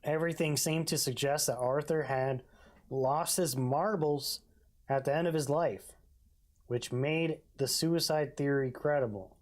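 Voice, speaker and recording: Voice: mid-range voice, steady tone, unhurried. A let's-play gamer reading mystery game dialogue aloud and adding casual, jokey asides.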